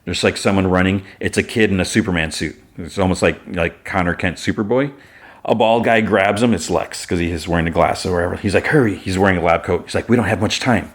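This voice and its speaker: A man's voice: low-pitched, fairly even intonation, fast. A male podcast host casually recapping an episode, rambling with lots of fillers. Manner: rambling, filler-heavy storytelling.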